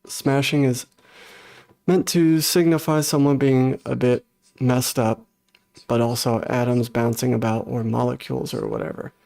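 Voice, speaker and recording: A man's voice: medium pitch, flat delivery, unhurried, vocal fry, a little mellow. A man streaming casually as he reacts to music, thinking aloud in a loose, rambling way.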